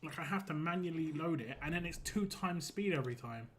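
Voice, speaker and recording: Young male game streamer, rambling live chat, slightly high voice, faint background noise. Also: expressive, brisk, fairly bright tone. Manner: chatty and rambling, laughs easily.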